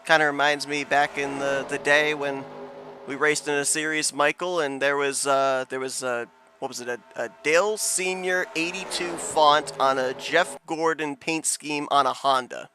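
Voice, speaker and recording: A man commenting on a sim race broadcast in quick, chatty play-by-play with bursts of excitement. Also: a little high, background noise.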